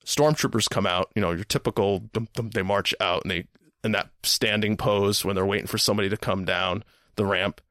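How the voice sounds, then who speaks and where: Man, podcast host, low voice, dry close sound, rambling casual storyteller. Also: fairly quick, fairly bright tone, dry recording. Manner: rambling, repeats words, casual swearing.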